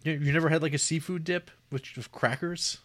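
A man's voice: fairly high pitch, steady tone, fairly quick, a bit bright, dry recording. A man co-hosting a podcast in casual chat, hesitant, restarting often, with dry humor. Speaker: podcast co-host.

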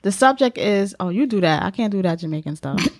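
A woman's voice: medium pitch, animated, brisk. Brash laughing New York woman. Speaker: podcast co-host. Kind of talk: casual podcast chat.

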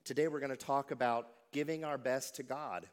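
A man's voice: medium pitch, fairly even intonation, normal speed. A man preaching a sermon as pastor, telling stories and acting out quoted voices.

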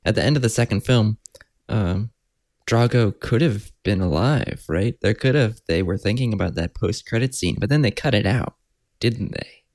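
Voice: mid-range voice, lively intonation, moderate pace, darkish tone, no echo. A podcast co-host in casual chat, joking around and calling themself a nerd. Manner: joking, self-described nerd.

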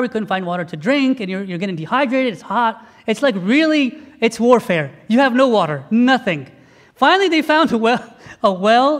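High-voiced priest preaching in a reverberant hall. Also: male voice. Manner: animated storytelling, acting out dialogue. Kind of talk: sermon.

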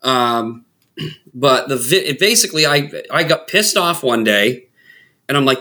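Bright-voiced profane Boston man. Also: mid-range voice, measured pace. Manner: profane, animated storytelling, slips into loud impressions. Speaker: guest, food content creator. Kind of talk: casual chat.

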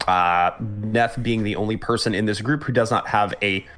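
A man's voice: on the low side, steady tone, normal speed, fairly bright tone, faint music behind. A man hosting a casual gaming podcast who talks loosely, with fillers and casual swearing, on a home podcast mic. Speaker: podcast host. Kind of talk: casual chat.

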